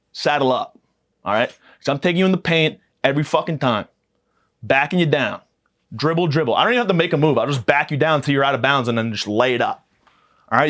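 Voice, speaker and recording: A man's voice: medium pitch, a bit bright. A young man hosting a podcast, delivering a profane, mock-aggressive comedic rant that rambles from point to point. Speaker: podcast host.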